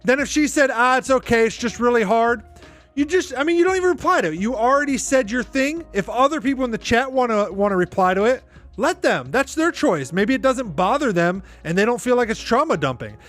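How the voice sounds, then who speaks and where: High-voiced man hosting a rambling podcast. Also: sing-song, fairly quick, fairly bright tone, faint music behind. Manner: rambling, exasperated, heavy use of "like". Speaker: podcast host. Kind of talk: casual reaction commentary.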